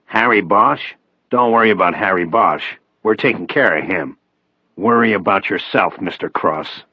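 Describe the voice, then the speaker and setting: A man voicing a menacing male federal agent who taunts and threatens in a deep, husky voice. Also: normal speed, no room sound, highs cut off.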